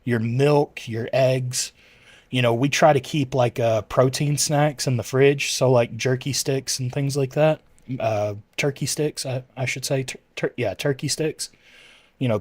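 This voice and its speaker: A man's voice: mid-range voice, fairly even intonation, unhurried, a little mellow, no room sound. A man chatting casually with his livestream viewers, rambling and correcting himself as he answers chat messages.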